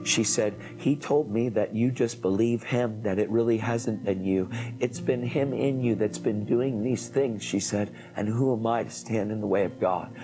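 A man preaching, telling an animated testimony story and acting out the people in it. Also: lowish voice, normal speed, hardly any pauses, over music, poor audio. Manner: animated storytelling, acts out quoted voices. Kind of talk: emotional testimony.

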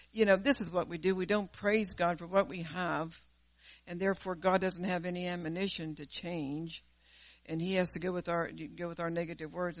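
A woman preaching a sermon with fervor, jumping from loud exhortation to quiet asides and often repeating words as she goes. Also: fairly low pitch, dry recording. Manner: repeats words and restarts phrases while preaching.

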